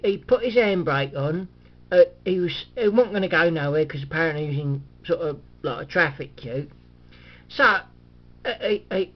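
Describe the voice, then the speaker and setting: A man's voice: high-pitched, dull audio. A man rambling in a casual monologue, chatty and cynical, chuckling often and restarting his sentences. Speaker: vlogger.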